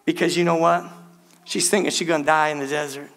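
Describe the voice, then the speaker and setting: A middle-aged man preaching a sermon, retelling a story with lively asides and calling out to the congregation as "church". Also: fairly high pitch, quick pace. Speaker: pastor.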